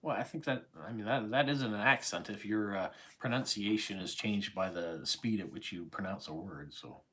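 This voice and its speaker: Here the Canadian stream host, a man in his forties with a faint English-tinged accent, chats loosely through viewer comments with many fillers and asides. He speaks at normal speed in a lowish voice that's fairly bright with a breathy edge.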